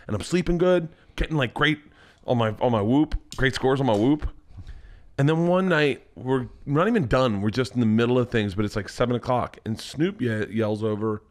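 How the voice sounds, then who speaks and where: A man in his forties co-hosting a casual podcast, telling stories animatedly and acting out the quotes, with bursts of loud laughter. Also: mid-range voice, fairly quick. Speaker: podcast co-host. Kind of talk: casual storytelling chat.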